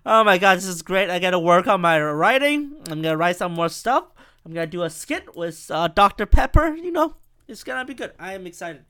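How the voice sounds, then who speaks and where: A man hosting a rambling solo podcast from home on a desk microphone, excitable, swinging between loud bursts and quiet mumbling. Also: high-pitched, fairly quick, smooth. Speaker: podcast host. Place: home room.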